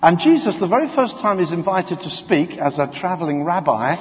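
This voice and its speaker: Male preacher, fairly high voice, animated storyteller, dull lo-fi sound with long reverb. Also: brisk. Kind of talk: sermon.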